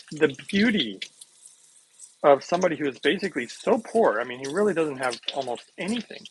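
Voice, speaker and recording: A man hosting a wellness channel, rambling earnestly with many fillers while making a smoothie. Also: medium pitch, background noise.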